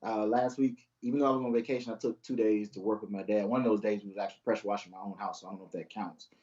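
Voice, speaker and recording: A man's voice: lowish voice, steady tone, rapid-fire, dark tone, highs cut off. A young man who is a police officer, chatting as a guest in an easygoing, laid-back way and telling stories from the job. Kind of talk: casual interview chat, storytelling.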